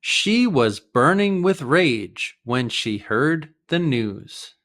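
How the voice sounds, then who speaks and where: An American man teaching English idioms in a clear, deliberate way, with short acted example dialogues. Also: mid-range voice, sing-song, fairly bright tone. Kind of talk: vocabulary lesson with acted dialogues.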